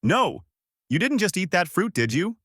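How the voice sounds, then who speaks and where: A man voicing a laid-back adult pirate captain who talks casually and breaks into shouting. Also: medium pitch, big pitch swings, normal speed, no echo, clean studio sound. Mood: frantic yelling.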